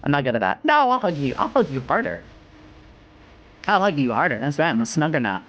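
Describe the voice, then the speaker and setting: A young woman streaming live, chatting casually with her viewers in an excitable, giggly way, jumping between high squeals and low mutters. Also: fairly quick, dull audio, slight background noise.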